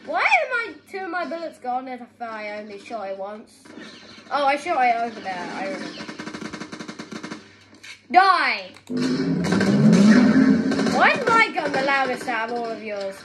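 A young woman giving excitable gaming commentary, often yelling at other players. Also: fairly high pitch, a little slow, long pauses, heavy background noise. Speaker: gaming video creator. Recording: gameplay with music behind.

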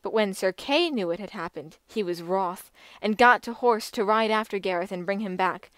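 A woman narrating an old legend as an audiobook, in a measured and expressive manner. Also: mid-range voice, no room sound. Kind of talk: scripted storytelling narration.

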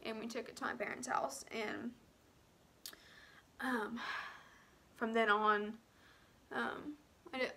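A young woman tells her own story in an emotional vlog. She sounds close to tears and speaks haltingly, often dropping to a near whisper and filling pauses with "um" and "like.". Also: on the high side, creaky, bright, forceful tone. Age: young adult. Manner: frequent "um" and "like" fillers.

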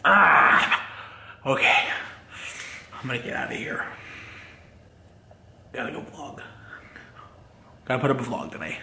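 A man recording a confessional vlog in his garage, talking in a halting, upset way with many pauses. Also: mid-range voice, very animated, gravelly, roomy sound, noisy background. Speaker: vlogger.

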